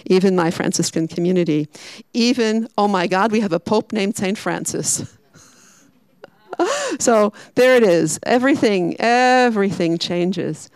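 A woman with a gravelly, fry-edged voice gives a reflective spiritual talk as a Franciscan sister. She leans on key words, slowing and repeating them for weight. The sound is close and dry, with no room echo. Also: on the low side, darkish tone.

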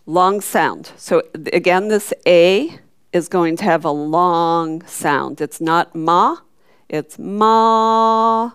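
A woman's voice: lowish voice, steady tone, takes it slowly, clean tone, no room sound, clean studio sound. A woman teaching a chanting class, patiently explaining marks and singing syllables for the group to repeat. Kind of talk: chanting lesson.

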